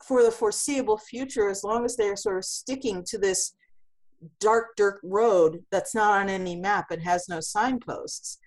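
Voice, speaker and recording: A woman's voice: medium pitch, normal speed. A woman who runs a comics publishing company, answering in an interview with vivid analogies and frequent restarts.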